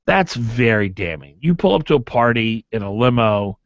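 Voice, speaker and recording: A man's voice: medium pitch, moderate pace, no echo. A man hosting a morning talk radio show, arguing his opinions emphatically and reading ads. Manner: emphatic, animated, argumentative. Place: radio studio. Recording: dull, dry AM radio broadcast.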